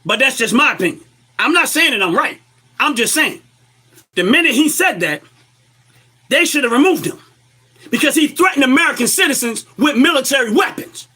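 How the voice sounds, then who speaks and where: A man's voice: very high-pitched, animated, moderate pace, long pauses, sharp tone, husky. A man giving impassioned political commentary, emphatic and lecturing, firing rhetorical questions at his listeners.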